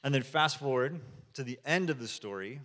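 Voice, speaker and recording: A pastor's animated, sharp-toned, mid-range voice carries a conversational storytelling sermon at normal speed, acting out quotes as it goes. It's recorded in a church sanctuary with long hall reverb.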